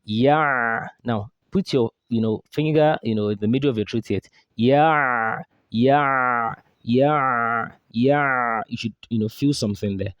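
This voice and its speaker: A man teaching Quran recitation, drilling throat sounds slowly with exaggerated demonstrations and quizzing his listeners as he goes. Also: on the low side, warm tone, no room sound, dull audio. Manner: drills sounds slowly, asks and answers his own questions. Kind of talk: pronunciation lesson.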